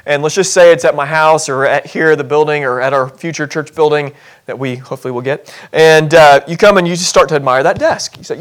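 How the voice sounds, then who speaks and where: In a church, a high-voiced male pastor gives a lively, animated sermon. He uses self-deprecating humor and jumps into quick acted scenes, doing voices to make his point.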